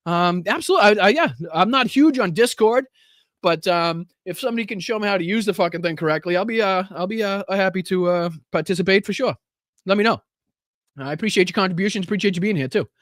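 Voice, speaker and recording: A man's voice: sits high, quick pace, fairly bright tone, no room sound, clean studio sound. A man with a Boston accent hosting a political livestream, swearing freely, laughing and thanking viewers while he catches his breath. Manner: profane, rowdy, laughing, out of breath. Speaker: political show host. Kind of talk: profane livestream commentary and viewer shout-outs.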